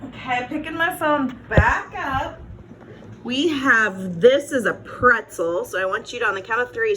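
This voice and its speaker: A woman teacher talks through a phonics lesson in a slow, patient, encouraging way, voice pitched a little high. She is recorded on a phone that she keeps setting down and picking up. A faint hiss of noise sits behind her. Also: bright, forceful tone, rough recording. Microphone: phone, set down and picked up.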